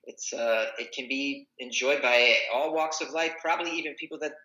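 A comedian chatting casually, rambling and correcting himself mid-sentence. His voice is very bright and sharp. The room gives it a clear echo. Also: mid-range voice, moderate pace. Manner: rambling, self-correcting, many fillers. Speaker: comedian and podcaster. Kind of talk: casual conversation.

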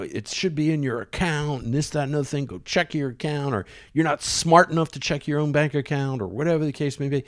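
A man telling a wild anecdote in a casual, animated way, with lots of swearing and vivid detail. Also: mid-range voice, no echo, clean studio sound. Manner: profane, animated, vivid storytelling. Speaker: storyteller.

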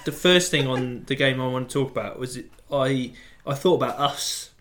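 A man co-hosting a casual football podcast, making measured, hesitant arguments. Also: mid-range voice, a bit bright, slight background noise. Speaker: podcast co-host. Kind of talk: casual chat.

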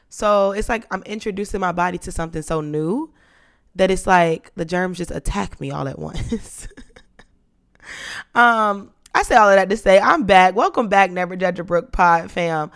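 A young woman hosting a podcast in casual chat, playful and dramatic, her voice lowered and rough from being sick. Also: normal speed, fairly bright tone. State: sick, voice deeper than usual. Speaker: podcast host.

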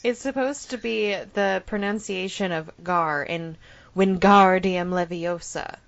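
A woman's voice: medium pitch, animated, a little slow, gravelly, dull audio. A woman co-hosting a casual podcast, talking in an emphatic, chatty way and swearing freely. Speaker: podcast co-host. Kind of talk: casual fan podcast chat.

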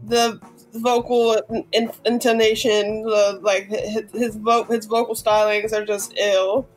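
A woman's voice: a little high, little pitch movement, measured pace, faint music behind, poor audio. A woman co-hosting a podcast, chatting casually with enthusiastic slang. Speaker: podcast co-host. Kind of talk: casual chat.

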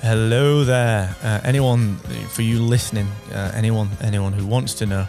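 A man's voice: on the low side, moderate pace, music in the background. Giggly man in his thirties. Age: 30s. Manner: excitable, giggly, voice cracks upward. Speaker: podcast co-host. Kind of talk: casual podcast chat. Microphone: studio podcast mic.

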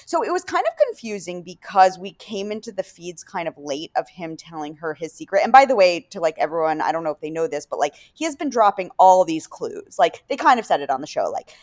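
Woman co-host, lively pitch swings, excitable storyteller. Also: brisk, hardly any pauses. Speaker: podcast co-host. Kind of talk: casual chat.

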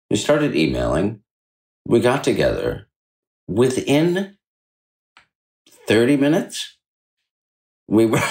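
Deep-voiced man telling a lively story. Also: low-quality recording. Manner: animated anecdote-telling, acting out quoted dialogue with big jumps in pitch. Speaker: author and guest. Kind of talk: conversational storytelling interview.

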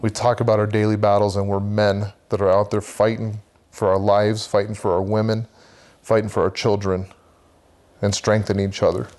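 A man's voice: fairly low pitch, little pitch movement, moderate pace, a little mellow. A man, guest on a podcast, earnestly telling a vivid personal faith story and talking about leading a men's church group.

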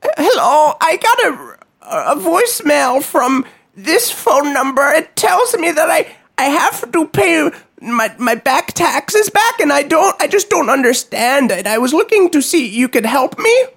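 A woman's voice: sits high, big pitch swings, gravelly, voice pushed up, exaggerated voice. A woman voicing a confused, stammering elderly grandmother on a prank phone call. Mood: bewildered. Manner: halting, stammering, bewildered.

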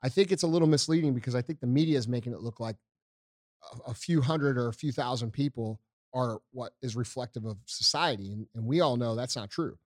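A man co-hosting a podcast, talking politics in a blunt, profane, animated way. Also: mid-range voice, brisk, no room sound, clean studio sound. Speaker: podcast co-host. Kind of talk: casual political chat.

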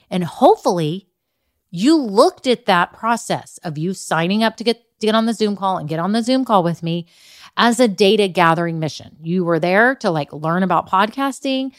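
A woman's voice: fairly low pitch, dry recording, clean studio sound. A woman hosting a solo business podcast, chatty and upbeat, who calls her own way of talking old-school Valley girl and keeps checking in with the listener. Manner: chatty, upbeat, talks straight to the listener with "okay" and "right". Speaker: podcast host and business coach.

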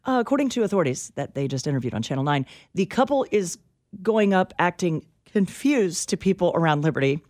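A woman's voice: fairly low pitch, expressive, a little fast, darkish tone. A woman co-hosting a radio show, chatty and wry in morning banter.

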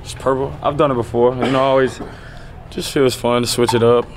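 Fielding reporters' questions at a press conference, a man in his thirties who plays pro football keeps things casual and relaxed, leaning heavily on "you know." He talks fairly quickly at a medium pitch against a noisy background.

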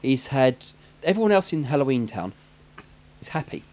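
A man's voice: mid-range voice, sing-song, normal speed, a little mellow. English male co-host, casual rambling banter, laughs a lot. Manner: jokey, rambling, laughs often. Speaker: podcast co-host. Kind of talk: casual chat about a film.

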